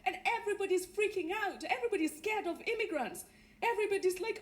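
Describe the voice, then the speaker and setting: A woman's voice: very high voice, fast. A woman with a Kenyan accent performing a wry stand-up comedy set on a theatre stage. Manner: wry, punchline-driven delivery. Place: theatre stage before a laughing audience. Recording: live theatre recording with faint noise.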